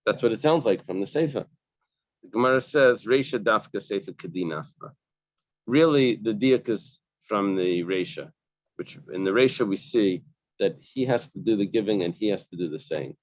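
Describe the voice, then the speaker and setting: Low-voiced man patiently teaching a class. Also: expressive, moderate pace, dry recording. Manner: explains step by step, translating each phrase into plain English. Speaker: Talmud teacher. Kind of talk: casual study-group class. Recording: dull lo-fi recording.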